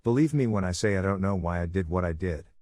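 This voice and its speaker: A young woman begging her ex for another chance, apologetic and pleading, voiced plainly by a man narrating. The voice sits low. The sound is close and dry, with no room around it. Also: animated, fast talker, a little mellow, dry recording. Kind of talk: read-aloud dialogue in a story.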